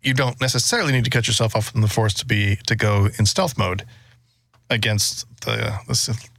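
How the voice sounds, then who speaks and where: A man in a casual discussion who jokes and chimes in with quick remarks. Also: fairly low pitch, fairly even intonation, vocal fry, fairly bright tone, no room sound. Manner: joking, quick interjections.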